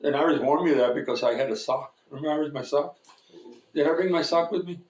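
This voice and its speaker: A man's voice: on the high side, quick pace, darkish tone. A man preaching a sermon, telling funny stories about himself and chuckling as he goes. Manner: joking, chuckles at his own stories. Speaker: pastor. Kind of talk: sermon with personal anecdotes. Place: church sanctuary. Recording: echoey church room.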